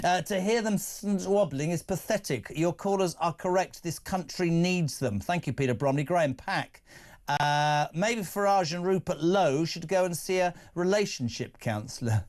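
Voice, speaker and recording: Sixties male talk host, slightly high voice, emphatic and sarcastic, studio mic. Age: 60s. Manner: animated, incredulous, emphatic ranting with sarcastic asides. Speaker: radio talk show host. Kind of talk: live talk radio presenting. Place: broadcast studio.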